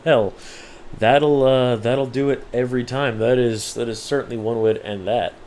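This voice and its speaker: A man co-commentating an esports race, dry and sarcastic but quick to get excited. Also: mid-range voice, a little hiss or hum.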